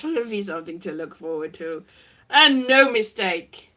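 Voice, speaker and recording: A woman's voice: mid-range voice, expressive, measured pace, sharp tone. A young woman vlogging casually to live viewers, rambling and self-mocking, now and then slipping into silly voices.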